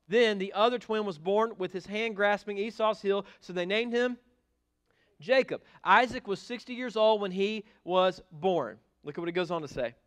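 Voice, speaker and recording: A middle-aged male pastor preaches in a church with animated, emphatic delivery and a fairly high-pitched voice. He swings from quiet asides to loud bursts as he drives his points home. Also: normal speed. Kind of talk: sermon. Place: church sanctuary.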